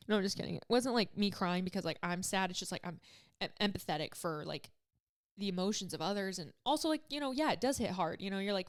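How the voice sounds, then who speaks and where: A woman's voice: mid-range voice, lively intonation, fast. A woman in her twenties hosting a solo podcast, talking casually and emotionally, choked up and rambling with many fillers. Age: 20s. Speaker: podcast host.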